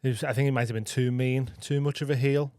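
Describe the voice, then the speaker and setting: A man co-hosting a casual comedy podcast, teasing his partner in quick banter. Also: mid-range voice, fairly even intonation, mellow, no echo, clean studio sound. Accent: English. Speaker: podcast co-host. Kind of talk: casual chat.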